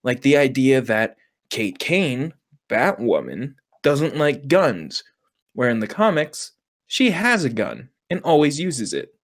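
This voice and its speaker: A man's voice: mid-range voice, fast talker, a little mellow, close to an everyday voice. A man, a podcast co-host, putting on an American voice as a mock-serious critic who rants. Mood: ranting. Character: young man doing an exaggerated American voice.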